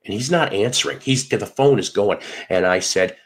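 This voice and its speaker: Podcast host, middle-aged man, very low voice, animated storyteller who swears freely. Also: normal speed, few pauses. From Northern Illinois. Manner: animated, profane storyteller acting out dialogue. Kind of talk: casual storytelling chat.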